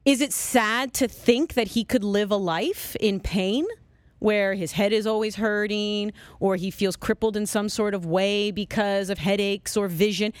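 A woman's voice: mid-range voice, measured pace, no echo. Chatty woman sports radio host. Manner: chatty, animated storytelling.

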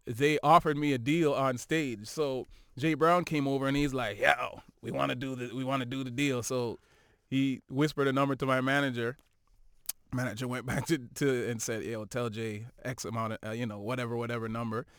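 A man talks through his stories in a relaxed, animated way, often tagging on "you know what I'm saying". His voice sits mid-range and comes through smooth and clear. The recording is dry and close. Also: mid-range voice, normal speed, dry recording. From Toronto, Canada. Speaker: guest musician. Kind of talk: casual interview chat.

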